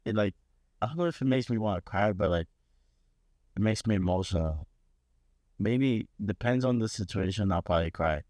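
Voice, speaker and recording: A man's voice: on the low side, moderate pace, long pauses, a little mellow, dry recording. A man in his late teens co-hosting a casual podcast chat, joking and defensive. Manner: playful, defensive, jokey. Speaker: podcast co-host.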